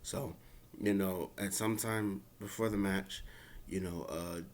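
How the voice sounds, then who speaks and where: A man's voice: low-pitched, fairly even intonation, slow, a little mellow. A man casually recapping and reviewing a wrestling show, rambling with many fillers. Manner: rambling, lots of fillers, acts out quotes.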